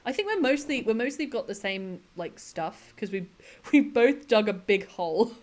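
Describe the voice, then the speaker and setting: A woman's voice: medium pitch, lively intonation, moderate pace, a little mellow, a little hiss or hum. A woman chatting casually with her live-stream viewers while she plays a building game, giggling often and answering chat between tasks.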